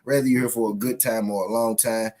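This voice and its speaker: A man's voice: mid-range voice, steady tone, fairly quick, a little mellow. A man hosting a casual boxing talk stream. He swears freely, talks straight to his viewers and reads a news article aloud. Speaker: boxing channel host. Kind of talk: casual live commentary, reading an article aloud.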